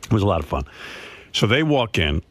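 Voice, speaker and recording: A middle-aged man in casual radio chat, telling an animated family story. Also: on the low side, a little fast, dry recording. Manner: animated storyteller, acts out his parents' voices.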